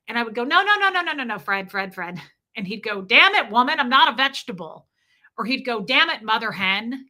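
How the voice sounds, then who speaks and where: A woman's voice: mid-range voice, sharp tone. A woman hosting a livestream, telling personal stories in a chatty way and reading out viewer comments as she goes. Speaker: livestream host. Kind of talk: casual storytelling to a live chat.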